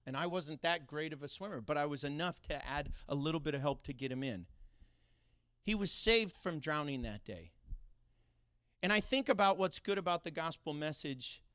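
Middle-aged man, pastor, lively storytelling sermon, high-pitched, dry close sound. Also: normal speed, clean tone, dry recording. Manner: animated storytelling, laughing asides.

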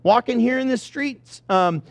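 A man preaching a sermon, telling personal stories in an animated way and acting out the dialogue. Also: very high voice, unhurried, gravelly, dry recording. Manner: animated storyteller who acts out dialogue.

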